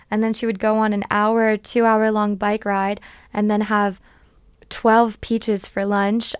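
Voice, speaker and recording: Woman, 20s, podcast host; smooth, resonant voice, dry close sound, candid confessional delivery. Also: medium pitch, no room sound. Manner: animated, confessional, laughs at herself. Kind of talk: candid solo podcast talk.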